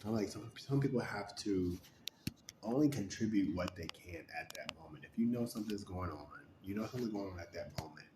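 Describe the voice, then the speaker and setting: A lowish male voice talks on and on, slipping into little voices for the people he quotes. The room rings with echo, and a faint hiss runs underneath. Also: animated. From New York. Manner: acts out overheard chatter in quick shifting voices; laughs often between thoughts. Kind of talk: rambling personal monologue.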